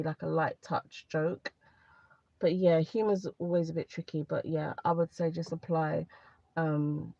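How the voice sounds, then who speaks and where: A woman with a lowish voice talks candidly to her live viewers and gives advice in a loose, rambling way, often saying things twice. The sound is dry and a little dull, like a phone or laptop mic on a stream. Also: mellow, no room sound. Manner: candid, rambling, repeats herself. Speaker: career advice livestreamer. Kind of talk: casual live chat to viewers.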